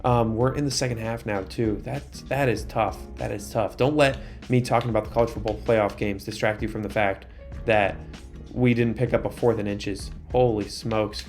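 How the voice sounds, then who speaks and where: Excitable young man commenting on gameplay. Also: on the low side, moderate pace, soft background music. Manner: excitable, exasperated outbursts at the game. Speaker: gaming YouTuber.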